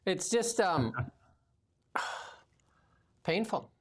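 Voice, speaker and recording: A man's voice: sits high, sing-song, very slow. A man hosting a casual political talk show, rambling with many fillers. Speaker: podcast host.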